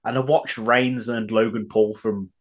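A man's voice: lowish voice, flat delivery, unhurried, a little hiss or hum. A man co-hosting a podcast in casual chat, laid-back with dry, sweary remarks. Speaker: podcast co-host.

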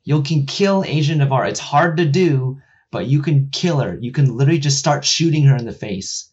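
A man in casual chat retelling a video game story, rambling and profane, with many fillers, acting out the characters' lines and getting loud and excited when he makes a point. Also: medium pitch, a little fast, slightly rough, muffled recording.

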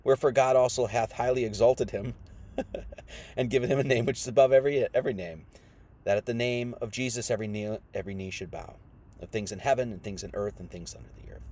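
A man preaching a sermon who reads scripture aloud, then explains it in casual slang, swinging between hushed reading and loud emphasis. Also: medium pitch, quick pace.

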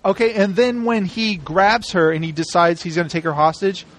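High-voiced man gushing about a movie. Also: fairly even intonation, normal speed, a bit bright. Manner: enthusiastic, laughing, acts out film lines. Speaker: podcast host. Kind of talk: casual movie chat.

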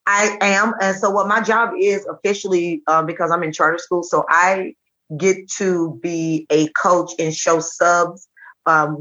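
A woman with a low voice that still rings bright and forceful talks casually as a podcast guest. She tells stories with animation and acts out quoted lines. The audio is a bit dull and lo-fi. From Nashville. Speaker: comedian and teacher, podcast guest. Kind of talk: casual interview chat.

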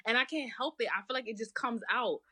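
A young woman with a Baltimore accent, co-hosting a casual chat, talking in an animated, blunt and profane way. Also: fairly high pitch, fast talker, husky, dry recording, clean studio sound. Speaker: podcast co-host.

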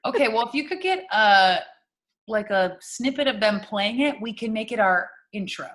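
A young woman co-hosting a podcast in casual chat, frank and quick to swear, laughing often. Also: fairly high pitch, lively intonation, fairly bright tone. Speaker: podcast co-host.

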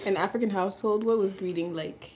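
A woman's voice: mid-range voice, quick pace, darkish tone, slight background noise. A woman co-hosting a podcast in casual chat, introducing topics and agreeing with the others. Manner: leads topics, agreeable interjections. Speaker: podcast co-host.

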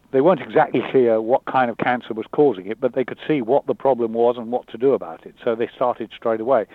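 A man talking candidly and thoughtfully, often pausing and repeating words as he searches for them. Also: mid-range voice, no room sound. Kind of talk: candid conversation. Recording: dry tinny phone-like line.

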